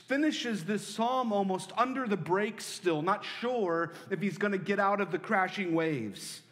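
A man preaching as a pastor, earnest, moving between loud pleading lines and soft hushed ones. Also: sits high. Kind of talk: sermon. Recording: long hall reverb.

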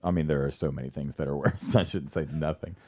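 A man, a stage actor and director, chatting casually and telling animated stories with frequent laughter. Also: very deep voice, fast talker. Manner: animated storyteller, laughs often. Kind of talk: casual conversation.

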